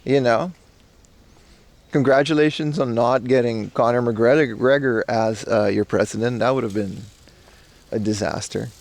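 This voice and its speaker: A low-pitched male streamer with a gravelly, fry-heavy voice, talking to his chat while walking outdoors. He rambles in a loose, slangy way and answers messages as he goes. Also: fairly even intonation, unhurried. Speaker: IRL streamer. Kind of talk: casual live-stream chat. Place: outdoors in a park in Japan.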